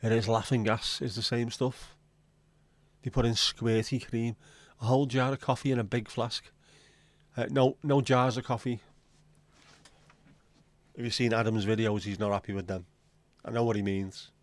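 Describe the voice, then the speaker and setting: A man hosts a casual livestream in an easygoing, middle-pitched voice. He rambles through jokes and banter aimed straight at his viewers. The sound is dry and close, with no room echo. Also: little pitch movement, normal speed. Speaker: livestream host.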